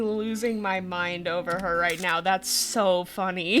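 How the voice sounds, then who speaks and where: A woman streamer chatting casually over a wolf game, laughing often and loudly, with a light lilt. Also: on the low side, fairly even intonation, a little slow, hardly any pauses, soft background music. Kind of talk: casual gameplay commentary.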